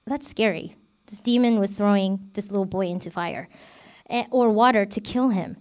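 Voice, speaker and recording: A woman in her twenties or thirties teaches scripture in a loose, conversational way. She leans on fillers and restarts, thinking out loud as she goes. Her voice sits in a middle pitch. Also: normal speed. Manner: chatty, filler-heavy, self-revealing. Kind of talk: informal bible teaching.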